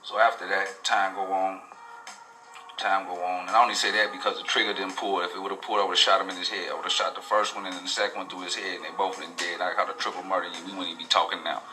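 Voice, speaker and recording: A man's voice: low voice, flat delivery, racing, few pauses, pushed and bright, soft background music, low-quality recording. A man telling his own life story in a casual, profane, rambling way, full of street slang. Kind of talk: casual personal testimony.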